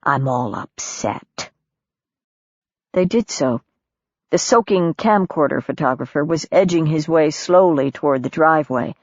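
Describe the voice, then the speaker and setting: Low-voiced woman narrating an audiobook. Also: moderate pace, a little mellow, dry recording, dull audio. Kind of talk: scripted narration.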